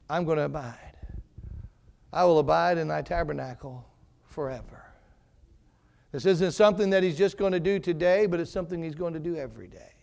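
A man preaching a sermon, dropping to hushed low passages and rising into fervent emphasis. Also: creaky.

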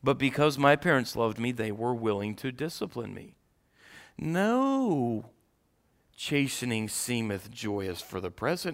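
A middle-aged male pastor preaching a sermon, swinging from loud preaching to quiet storytelling. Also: mid-range voice, big pitch swings, unhurried.

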